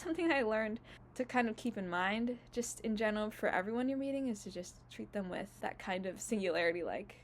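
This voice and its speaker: A woman's voice: medium pitch, a little hiss or hum. A woman in her twenties recapping casually for her vlog, gushing and emotional, full of fillers. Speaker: YouTuber.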